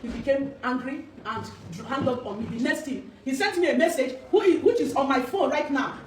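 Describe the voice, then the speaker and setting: A woman with a high voice talks quickly and earnestly as she recounts her own story, voicing the words of others. She is recorded from a distance in an echoey room with a faint hiss behind her. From Nigeria. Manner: earnest, urgent storytelling with quoted dialogue. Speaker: business owner making corporate gifts. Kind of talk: emotional personal testimony.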